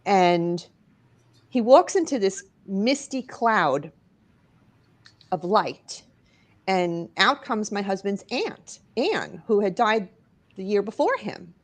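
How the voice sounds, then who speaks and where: A middle-aged woman from New York tells an emotional personal story in a studio interview. Her voice lifts and sinks with the story, and she speaks at a middle pitch. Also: slow, pauses often. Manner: expressive, rises and drops as she tells the story. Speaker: guest author and paranormal investigator.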